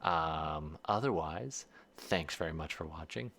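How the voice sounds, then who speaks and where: A man running a tabletop game as game master, narrating the scene and chatting with players in a relaxed, apologetic way. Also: rumbling low, measured pace, creaky.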